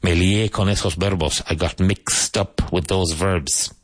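A man hosting a radio-style English lesson, repeating words slowly and pointing out which syllable takes the stress. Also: low-pitched, fairly even intonation, dry recording. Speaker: English teacher.

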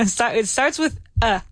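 Encouraging English teacher, dry close sound. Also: female voice, medium pitch, husky, no room sound. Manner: patient, encouraging, repeats answers and praises. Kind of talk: private English lesson. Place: Madrid.

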